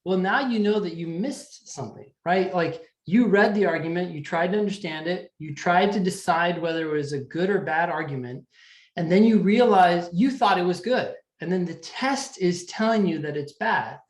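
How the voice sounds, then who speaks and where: A man's voice: high voice, normal speed, roomy sound. A man teaching a live test-prep class, explaining step by step in a conversational way and often checking in with the students. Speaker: LSAT teacher.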